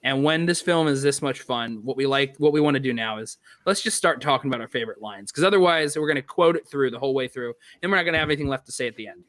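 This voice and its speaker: A man's voice: medium pitch, quick pace, few pauses, fairly bright tone, no room sound. A man hosting a casual group podcast about a movie, talkative and leading the conversation with frequent restarts. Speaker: podcast host.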